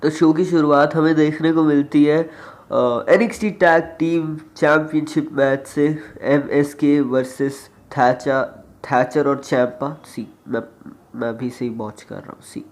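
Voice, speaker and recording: A man's voice: a little high, fairly even intonation, very fast. A young man with an Indian accent and a slight cold, rambling chattily through a casual wrestling review vlog as its host. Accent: Indian English. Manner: chatty and rambling, often trailing off.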